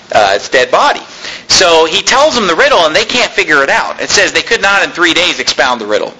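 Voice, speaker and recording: A man's voice: a little high, sharp tone. A man preaching a sermon, retelling a story in a casual, joking way. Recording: echoey room, faint noise.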